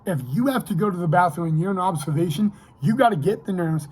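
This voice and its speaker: A man's voice: high-pitched, fast talker, a little mellow, low-quality recording. A young man vlogging casually, telling a long personal story in a rambling way, repeating himself and checking in with "okay".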